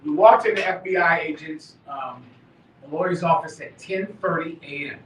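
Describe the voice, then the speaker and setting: A man leading a live class, preaching emphatically, dropping quiet then shouting. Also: fairly high pitch, moderate pace, slight background noise. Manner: emphatic, swings from quiet to shouting, laughs and swears. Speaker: class leader. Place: live meeting room. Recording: echoey room from far off.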